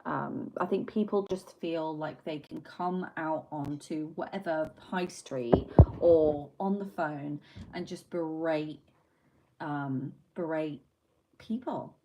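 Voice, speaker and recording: A woman's voice: deep voice, animated, a little slow, a little mellow, rough recording. A woman hosting a casual livestream, reading chat and rambling through stories with plenty of swearing. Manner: chatty and rambling, swears freely, tangents.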